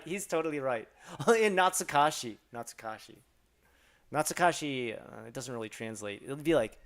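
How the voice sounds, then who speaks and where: A man casually chatting on a live stream, answering chat and joking around, often mimicking short phrases with exaggerated jumps in pitch. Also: expressive, normal speed.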